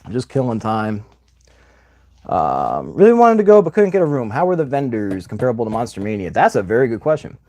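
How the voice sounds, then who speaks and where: A man's voice: medium pitch, brisk, gravelly. Chatty man rambling through a story. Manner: chatty, rambling, animated retelling with quoted voices. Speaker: livestream host. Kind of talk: casual livestream storytelling.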